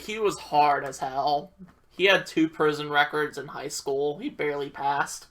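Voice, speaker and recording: A man's voice: fairly high pitch, pushed and bright. A young man telling a rambling, profane storytime about his school days and acting out what people said. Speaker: vlogger.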